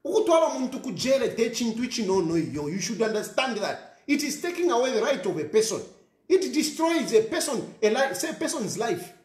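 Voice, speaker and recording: A man with a Zambian accent giving an animated social media rant, scolding and mixing English with a local language. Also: extremely high pitch, fairly quick, echoey room.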